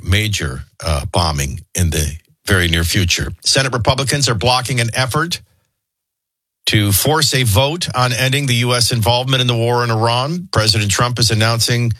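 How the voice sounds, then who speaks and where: A middle-aged man with a lowish, sharp-toned voice hosts a radio show, bantering casually and jokingly as he drifts from the news into personal anecdotes. There's no echo on the recording.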